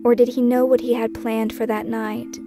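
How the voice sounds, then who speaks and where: A woman narrating her own scripted true-crime podcast in a measured, questioning, somber way. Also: on the high side, level tone, over loud music.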